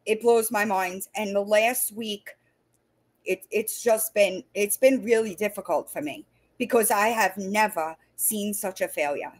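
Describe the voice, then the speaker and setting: A woman's voice: mid-range voice, a little slow. A woman hosting a livestream, ranting angrily with heavy swearing and stumbling restarts. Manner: angry, profane, stumbling restarts. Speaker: livestream host. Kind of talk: heated livestream rant.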